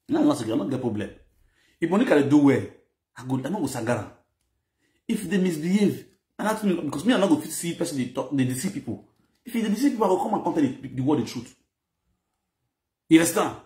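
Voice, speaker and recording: A man with a Nigerian Pidgin English accent, telling a personal story in an animated, mixed-language way. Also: fairly high pitch, roomy sound. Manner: animated, mixes Pidgin and Yoruba phrases. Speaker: social media presenter. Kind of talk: storytelling monologue.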